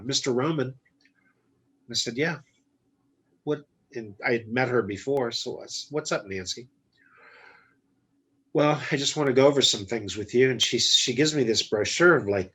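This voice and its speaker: In a casual interview, a male business guest shares a personal story in a medium-pitched, slightly rough voice. The entrepreneur is blunt and animated, acting out the quoted dialogue as he goes.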